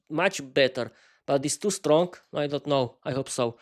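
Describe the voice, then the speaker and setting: A man's voice: fairly high pitch, normal speed. Hesitant, stuttering man hosting a live stream. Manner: hesitant, stuttering, many restarts; chatty, talks to viewers while fiddling with lighting. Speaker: podcast host. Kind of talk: casual live-stream rambling. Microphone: desk microphone.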